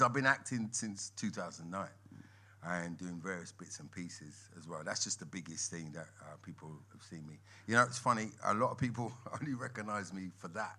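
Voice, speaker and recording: A man as a guest on a live podcast, telling lively stories and laughing often. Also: low voice, normal speed. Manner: animated storyteller, laughs often, lively swings in loudness. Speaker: guest musician and actor. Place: members' club room with a live audience.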